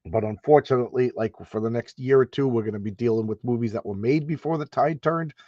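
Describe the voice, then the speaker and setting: A man's voice: medium pitch, quick pace, warm tone, no room sound, highs cut off. A man hosting a casual live stream, rambling and stammering as he repeats words. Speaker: host.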